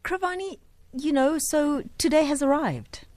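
A woman's voice: high-pitched, measured pace, a crowd in the background. A woman radio host interviewing a guest, often murmuring along as she listens. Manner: attentive, murmurs agreement.

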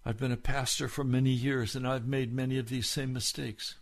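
A man's voice: mid-range voice, little pitch movement, brisk. Impassioned middle-aged male preacher. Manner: impassioned preaching with rhetorical questions to listeners. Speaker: pastor. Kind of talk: sermon.

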